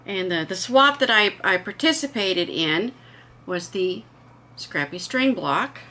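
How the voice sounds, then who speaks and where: A woman hosts a casual vlog, chatting and gushing with enthusiasm. Her voice has a bright, forward tone. A faint background hiss sits under the recording. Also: medium pitch, expressive, takes it slowly. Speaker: vlog host.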